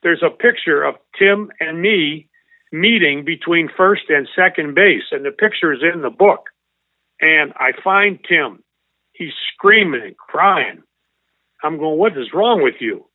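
An older man, a former baseball coach, telling a long emotional story as an interview guest in an earnest, halting way. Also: on the high side, dry recording. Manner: earnest, halting, repeats himself. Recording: tinny phone-like line.

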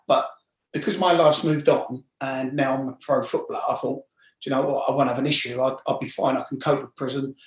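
Brisk and medium-pitched, this man in his forties speaks with a London accent in a roomy, roughly recorded space. A former footballer appearing as an interview guest, he tells casual stories animatedly and acts out the voices of the people he quotes.

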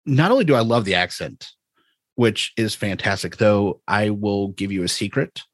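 A man's voice: lowish voice, lively intonation, moderate pace, no echo. A man from the United States co-hosting a podcast, chatting casually in a rambling, joking way and laughing often. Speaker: podcast co-host. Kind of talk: casual chat.

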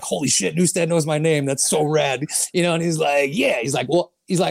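Brief: male guest, gravelly and fairly high voice, casual storyteller. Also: fast, hardly any pauses, dry recording, studio quality. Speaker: guest musician. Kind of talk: casual chat, telling stories.

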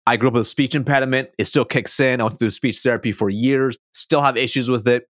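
A man being interviewed as a sales coach, a self-described fast talker who stumbles and restarts his words, speaking over a video call. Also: mid-range voice, steady tone, dry recording, clean studio sound. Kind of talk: conversational interview.

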